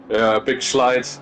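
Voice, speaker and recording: A man's voice: medium pitch, a bit bright. A man from Germany with a German accent, joking and bantering as co-commentator on an online race broadcast. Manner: jokey, banters with his co-host. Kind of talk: casual co-commentary.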